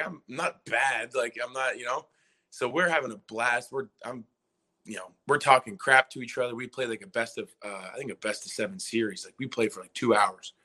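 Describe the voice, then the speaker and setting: A man's voice: medium pitch, bright, forceful tone. A young man in his twenties, a former college basketball player, telling a long story on a podcast and acting out what people said. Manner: rambling, retells scenes by quoting himself and others. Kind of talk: casual storytelling interview.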